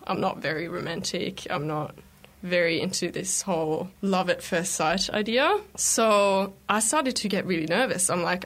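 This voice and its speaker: A London woman being interviewed tells a personal story in a casual, chatty, animated way, acting out quoted lines as she goes. Her voice is on the low side and moves at a moderate pace.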